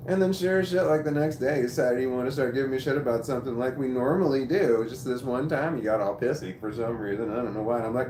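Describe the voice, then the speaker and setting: On his casual livestream, a man with a mid-range voice talks fast and hardly pauses as he reads chat messages and tells lively stories. He laughs a lot and swears freely, over roomy sound and faint background noise.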